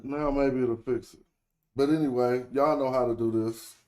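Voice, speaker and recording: A man walks viewers through a casual screen-share tutorial in an easy middle-pitched voice. He rambles in a slangy way and stops to fix his own words as he goes. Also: fairly even intonation, normal speed, a little mellow. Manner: loose, rambling, corrects himself mid-sentence; slangy, chatty address to viewers. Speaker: online tutorial host.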